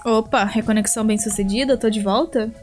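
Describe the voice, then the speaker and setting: A woman from Brazil with a Brazilian Portuguese accent, streaming live and chatting quickly and casually with her chat, swearing now and then. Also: on the high side, fairly even intonation, a little mellow, soft background music.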